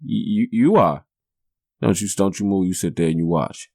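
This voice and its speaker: A man's voice: sits low, moderate pace, vocal fry, a little mellow, dry recording, clean studio sound. A man putting on the voice of his stern father, firmly ordering his son to stay put. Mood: firm commanding. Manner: firm, commanding, repeats orders.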